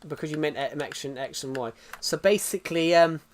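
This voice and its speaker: A young British man from the United Kingdom streams live and chats casually with his viewers in a rambling way. His voice is a little high and brisk, and his talk is full of restarts and fillers.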